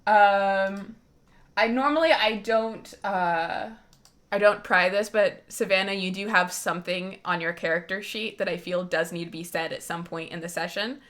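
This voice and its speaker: A woman's voice: mid-range voice, normal speed, a bit bright. A woman as dungeon master of a streamed tabletop game, explaining the format in a chatty, joking way over a video call.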